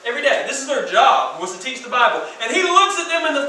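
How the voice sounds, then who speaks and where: A man preaching a sermon as youth pastor in a casual, slangy, animated way, in a large room. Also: very high-pitched, quick pace, hardly any pauses. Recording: echoey room from far off.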